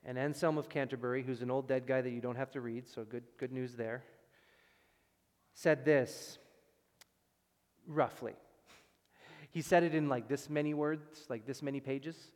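A man preaching a sermon as pastor, with emphatic loud stresses that drop to quiet, low passages. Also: fairly even intonation, normal speed, long pauses. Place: church sanctuary. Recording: long reverb of a church hall.

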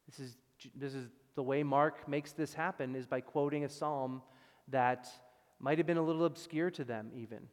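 A man's voice: medium pitch, steady tone, normal speed. Emphatic male preacher in a reverberant church. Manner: emphatic, swings from loud stresses to quiet drops. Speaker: pastor. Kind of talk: sermon. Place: church sanctuary. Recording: long reverb of a church hall.

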